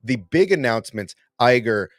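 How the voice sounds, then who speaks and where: A man's voice: mid-range voice, animated, normal speed, no echo, clean studio sound. A man co-hosting a podcast in a casual debate, emphatic and repeating words as he builds a point. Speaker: podcast co-host.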